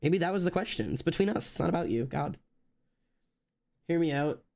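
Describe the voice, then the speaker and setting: Laid-back young man with a higher voice. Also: animated, brisk, gravelly, darkish tone. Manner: rambling, loose, many fillers and restarts. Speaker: streamer drawing live. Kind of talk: casual chat with stream viewers. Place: indoors at home.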